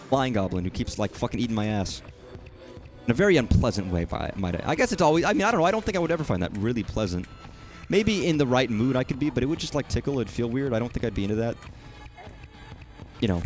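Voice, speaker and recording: A young man streaming a game, swearing freely and talking excitedly to himself as he plays. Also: medium pitch, fast talker, pauses often, soft background music. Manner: profane, excitable, talks to himself while playing. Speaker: gaming streamer. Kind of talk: live gameplay commentary.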